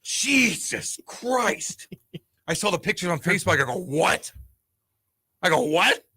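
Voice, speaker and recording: A man co-hosting a sports radio show from a studio, joking around and reading listener comments with animated delivery. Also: on the high side, moderate pace, breathy edge. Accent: St. Louis. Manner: animated, jokey, reads listener comments aloud. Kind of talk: casual sports radio banter. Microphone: studio mic.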